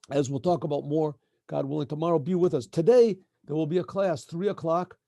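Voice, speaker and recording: A middle-aged man, a rabbi teaching a casual daily lesson, who often clears his throat and corrects himself as he goes. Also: on the high side, animated, normal speed, warm tone. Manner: frequent throat-clearing, self-correcting and meandering.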